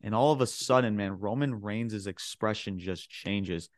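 A man with a fairly low voice talks through a wrestling show in a loose, rambling way. He leans on filler words and slips into the voices of the people he quotes. The sound is dry and close. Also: unhurried, no echo. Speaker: podcast co-host. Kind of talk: casual wrestling recap chat.

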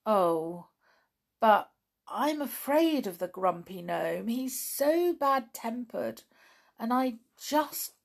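A woman voicing an eager young male brownie in a children's story, talking brightly and excitedly. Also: a little high, slow pace, gravelly, voice pushed up, heavily acted. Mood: nervous.

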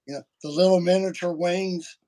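A man hosting a podcast, talking in a casual, animated and folksy way. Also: high voice, moderate pace. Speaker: podcast host. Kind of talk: casual chat.

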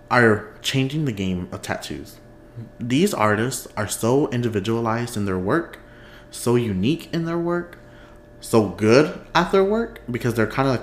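A man's voice: on the low side, a little hiss or hum. A man hosting a podcast in casual chat at home, rambling, getting sidetracked and laughing often. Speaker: podcast host. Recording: echoey room.

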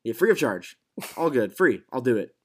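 A man chatting casually as co-host, recapping a show. He rambles in a relaxed way, trailing off and restarting his sentences. His voice sits at an ordinary middle pitch. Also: moderate pace, husky. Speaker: podcast co-host recapping a TV episode. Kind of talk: casual chat.

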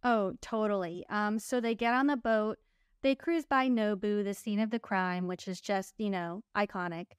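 A young woman co-hosts a casual chat show, chattily recapping a reality series and acting out lines from its cast. Her mid-range voice is clear and resonant at a normal speed, recorded at studio quality with no room sound.

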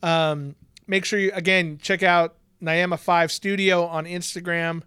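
A man's voice: sits high, flat delivery, measured pace, sharp tone, clean tone, no room sound, clean studio sound. A young man co-hosting a podcast in casual chat, laid-back and jokey, laughing often. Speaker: podcast co-host.

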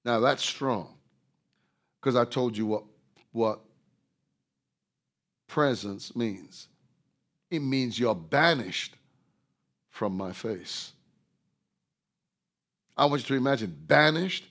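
A male preacher gives a sermon at an unhurried, measured pace, with a middle-pitched voice. He leans hard and loud into the scripture he quotes and repeats his points. Then he falls quiet and low when he reflects. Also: expressive. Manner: emphatic, rises loudly on scripture quotes, drops low on reflection; slow, deliberate preaching with repetition.

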